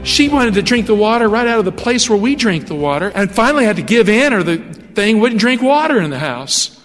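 A male pastor telling a story in a sermon, animated and acting out the voices of the people in it. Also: sits high, brisk, soft background music. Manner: animated storytelling with acted-out quotes. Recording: long hall reverb.

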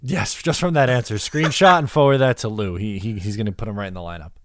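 A man co-hosting a casual hockey podcast, reacting quickly in a relaxed way. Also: fairly low pitch, dry recording. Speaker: podcast co-host.

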